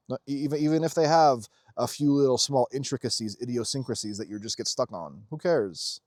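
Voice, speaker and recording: A man's voice: medium pitch, brisk, few pauses, a little mellow, no room sound, studio quality. A man giving a blunt, profane spiritual talk to his viewers, jumping into mocking voices when he mimics others. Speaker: spiritual vlogger. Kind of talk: unscripted spiritual monologue.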